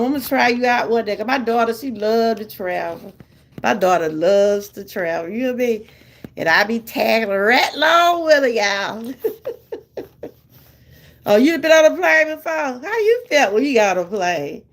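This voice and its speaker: An older woman with a Southern US accent talks straight to her viewers in a relaxed, chatty way. Her voice sits at a middle pitch, and she laughs often between her stories. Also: vocal fry, slight background noise. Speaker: vlogger chatting with live viewers. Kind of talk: casual live-stream chat.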